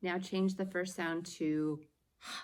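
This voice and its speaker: A woman teacher giving a video lesson to young children, sounding out words slowly and clearly. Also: medium pitch. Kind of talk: early-grades classroom video lesson.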